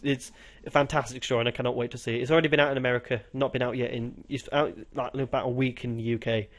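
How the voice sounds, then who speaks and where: Fast-talking young British man. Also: medium pitch. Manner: quick, animated retelling of film scenes, acting out lines. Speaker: podcast co-host. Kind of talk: casual chat about films.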